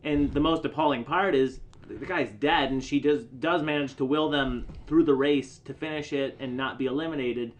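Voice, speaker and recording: A man's voice: mid-range voice, normal speed. A man co-hosting a podcast in casual chat, opinionated and outspoken, swearing freely. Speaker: podcast co-host.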